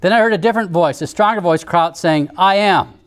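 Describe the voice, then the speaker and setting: Male narrator, high pitch, measured solemn read. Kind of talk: scripted narration reading visions.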